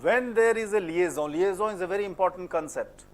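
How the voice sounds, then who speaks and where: Man, high voice, indian english accent, classroom teacher, drills pronunciation, asks questions. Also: fairly quick. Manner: questioning, repeats words for drill. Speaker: French phonetics teacher. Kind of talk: classroom lecture.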